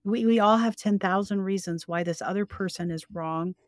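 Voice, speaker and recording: An older woman co-hosting a faith podcast, speaking slowly and gently as she gives advice. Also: mid-range voice, no room sound, clean studio sound. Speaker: co-host. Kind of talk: faith-based podcast chat.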